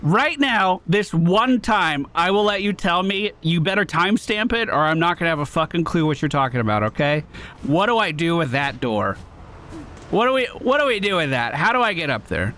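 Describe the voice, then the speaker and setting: A man casually commenting on his game run, chatty and excitable, thinking out loud and swearing now and then. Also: on the high side, normal speed. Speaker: let's play streamer.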